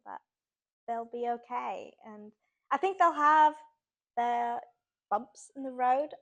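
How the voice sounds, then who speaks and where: A young adult woman, an author, chatting casually in an interview and laughing often. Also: fairly high pitch. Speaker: author guest.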